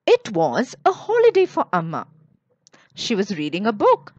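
A woman reading a children's story aloud, slow and expressive. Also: medium pitch, no echo, dull audio.

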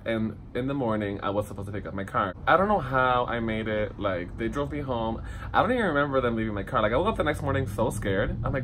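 A young man telling a personal story to his phone camera in a lively, dramatic, chatty way, swinging up high for the funny parts. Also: a little fast, noisy background. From Dominican heritage. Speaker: vlogger. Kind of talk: casual storytelling vlog.

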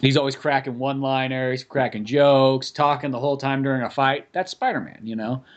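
A man's voice: medium pitch, fairly quick, dull audio. A man co-hosting a comedy podcast, chatting casually and cursing a lot while he acts out silly bits. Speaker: podcast co-host.

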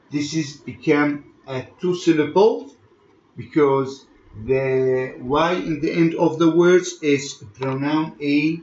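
Echoey lo-fi teacher. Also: male voice, on the high side, a little hiss or hum. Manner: switches between rapid explaining and slow drilled repetition of words. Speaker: English teacher. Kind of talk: recorded online lesson. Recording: echoey, dull lo-fi room recording.

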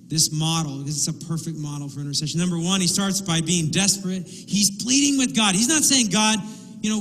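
A man's voice: a little high, a bit bright. A man preaching a sermon as pastor, impassioned, voicing pleading quotes as he goes. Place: church sanctuary. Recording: long hall reverb.

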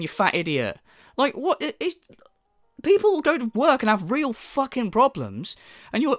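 A man's voice: high-pitched, wildly swooping pitch, normal speed, fairly bright tone, no room sound, studio quality. A man ranting in sneering, profane commentary as a channel host.

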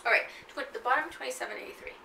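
A woman's voice: high voice, racing, vocal fry, very noisy. A woman teacher giving a literature lecture, who keeps checking in with her students with short questions as she goes. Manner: checks in often with questions to the class. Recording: echoey room, mic at a distance.

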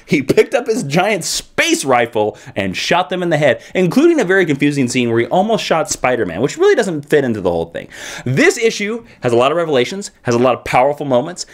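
Man from Kansas, comic book reviewer, casual vlog, enthusiastic, lively swooping delivery. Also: a little high. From Kansas, United States. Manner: enthusiastic, animated, swooping emphasis.

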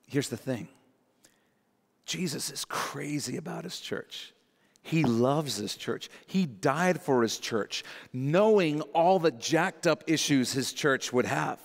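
A man preaching a sermon as pastor, animated and acting out quotes in little voices. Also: mid-range voice, slow pace, vocal fry. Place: church sanctuary. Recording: long reverb of a church hall.

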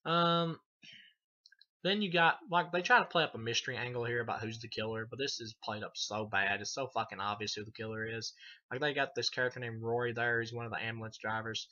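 Bright-voiced, rambling man reviewing movies. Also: medium pitch, a little fast, lo-fi sound. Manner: rambling, swears a lot, laughs often. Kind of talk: casual, profane film review.

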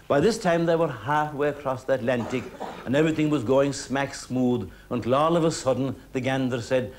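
A man's voice: medium pitch, steady tone, moderate pace, a little mellow. A man with an Irish accent telling a traditional folk tale in a lilting, humorous, rhythmic way. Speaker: storyteller. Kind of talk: traditional oral storytelling.

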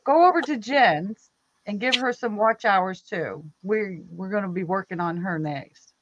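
A woman's voice: mid-range voice, measured pace, highs cut off. A woman co-hosting a livestream, chatting casually, teasing and often laughing. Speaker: livestream co-host. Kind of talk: casual chat.

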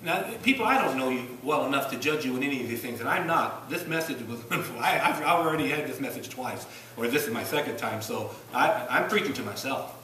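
A man preaching a sermon in a church, asking rhetorical questions, rising to loud bursts and dropping low. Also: expressive, brisk, hardly any pauses, a little hiss or hum. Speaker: pastor. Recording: echoey church room from a distance.

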